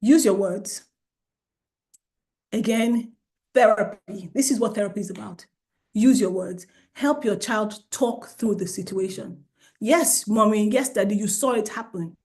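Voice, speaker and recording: A middle-aged woman and child development specialist giving an animated talk to parents, acting out the voices of parents and children as she goes. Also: medium pitch, measured pace.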